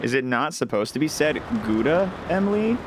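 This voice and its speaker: A man streaming a video game, chatting casually and joking in animated little rants. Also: a little high, a little fast. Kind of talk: casual gameplay chat. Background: game music.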